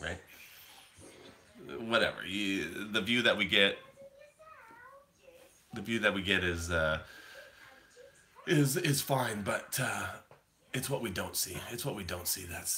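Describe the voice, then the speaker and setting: A man's voice: fairly low pitch, sharp tone, a little hiss or hum. A man in his thirties from Canada, rambling casually to his livestream viewers and answering the chat. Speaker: livestream host.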